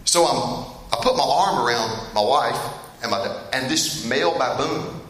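In an echoey church hall with a bit of room noise, a middle-aged man delivers a sermon at normal speed and medium pitch. He talks directly to the congregation and spins animated stories, laughing along at the funny parts.

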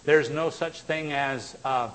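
A man preaching a sermon, swinging from loud exhortation to low, intense tones. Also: fairly even intonation, slow pace. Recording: long hall reverb.

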